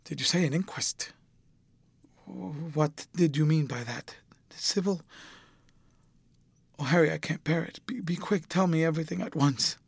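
Brief: man reading as an emotional, self-absorbed young gentleman, slightly high voice, dry close sound. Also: measured pace, creaky, pauses often, breathy edge, no room sound, full character voice. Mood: distraught. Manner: emotional, dramatic delivery. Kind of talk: audiobook reading.

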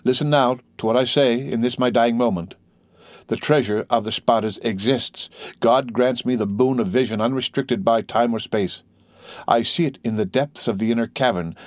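A man's voice: mid-range voice, moderate pace, no echo, studio quality, close to an everyday voice. A man voicing a frail, dying old priest who speaks faintly and at times in a whisper. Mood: solemn.

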